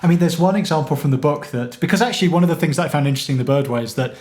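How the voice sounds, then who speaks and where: A man's voice: fairly high pitch, a little mellow. A man hosting a show and talking eagerly with a guest, sharing examples as he goes. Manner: enthusiastic, quick to share examples. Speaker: show host. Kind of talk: conversational interview.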